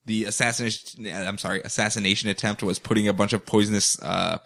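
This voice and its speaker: A man hosting a podcast, recapping comic books with animated, jokey storytelling. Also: fairly low pitch, fast talker, gravelly. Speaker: podcast host.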